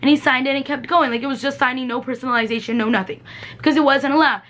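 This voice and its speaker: A woman's voice: high voice, quick pace, a bit bright. A woman in her twenties telling a rambling story for her vlog. She mocks herself, giggles, and acts out the people she quotes with shifts in voice. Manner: giggly, self-mocking. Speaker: vlogger.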